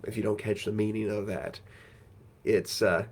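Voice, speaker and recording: A man's voice: on the low side, fairly even intonation, normal speed, a little mellow. A man reading scripture aloud and retelling it in a conversational, folksy way as a Bible teacher. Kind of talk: scripture reading with casual commentary.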